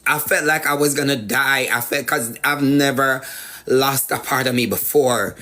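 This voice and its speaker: A man's voice: medium pitch, steady tone, moderate pace, bright, forceful tone. A man with a Jamaican accent tells a personal story as a guest, repeating phrases for emphasis. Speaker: guest sharing life story.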